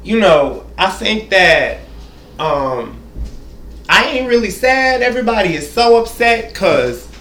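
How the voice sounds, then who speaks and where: A man's voice: high voice, big pitch swings, takes it slowly, a bit bright, roomy sound. A man giving a sassy, profane, rambling comedic TV recap, talking straight to the viewer.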